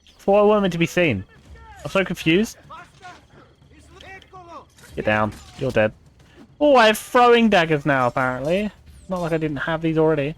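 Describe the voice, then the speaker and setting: Young guy streamer rambling over gameplay, laughs a lot, slightly high voice. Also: sing-song, normal speed, long pauses. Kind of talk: casual gameplay commentary.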